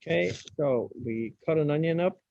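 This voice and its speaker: A man's voice: fairly high pitch, normal speed, creaky, a little mellow, no room sound. A man teaching a science practical over a video call, casual, asking the class questions as he demonstrates. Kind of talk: online science lesson. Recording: dull lo-fi sound, dry.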